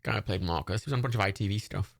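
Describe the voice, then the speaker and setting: Racing along in a lowish, slightly bright voice with vocal fry, a male livestream host rambles through watch-party commentary. He curses freely and laughs a lot.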